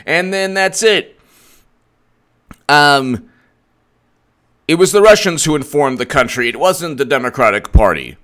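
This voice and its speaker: A man giving solo political commentary, animated, acting out little scenes and restarting mid-sentence. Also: a little high, unhurried, pauses often.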